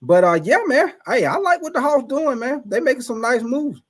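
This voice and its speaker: A man's voice: very high-pitched, animated, normal speed. Chatty man hosting a sports stream. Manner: chatty, addresses viewers by name, restarts often, stumbles over names. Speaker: live stream host reading chat. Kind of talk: casual live stream chat.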